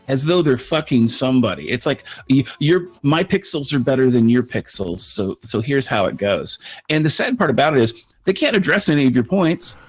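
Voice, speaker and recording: A man co-hosting a casual talk show with an ordinary mid-range voice. He talks in a wordy, scornful way and drops swear words as he goes. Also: medium pitch. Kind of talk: casual chat.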